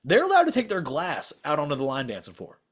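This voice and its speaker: A man's voice: a little high, wildly swooping pitch, quick pace, slightly rough. A young man co-hosting a podcast over a video call, telling a story as a profane, exasperated rant. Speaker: podcast co-host.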